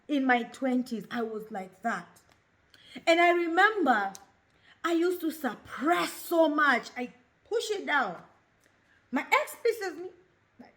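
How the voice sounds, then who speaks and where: A Kenyan woman in her thirties hosting a talk show, speaking openly and expressively, mixing English with Swahili. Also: high voice. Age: 30s. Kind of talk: candid personal monologue.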